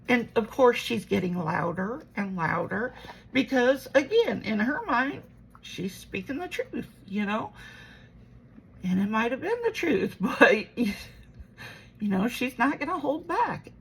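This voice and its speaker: A woman's voice: a little high, creaky, slightly rough, rough recording. A woman crafting at home while telling a rambling family story, full of "you know" asides. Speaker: resin jewelry crafter.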